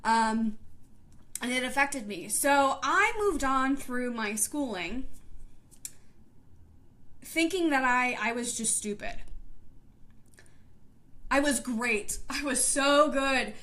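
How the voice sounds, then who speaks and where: A woman's voice: high-pitched, animated, slow pace, pauses often, fairly bright tone. A woman in her twenties, a teacher, telling a personal story in a vlog and talking emotionally, close to tears. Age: 20s. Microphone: live stream camera.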